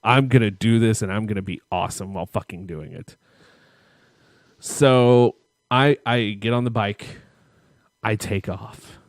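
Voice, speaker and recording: A man with a fairly low voice spins a long, rambling story for his co-host, cursing freely and laughing at himself. The sound is close and dry, with no room around it. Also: a little slow, long pauses, no room sound. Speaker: podcast co-host. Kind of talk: casual storytelling chat.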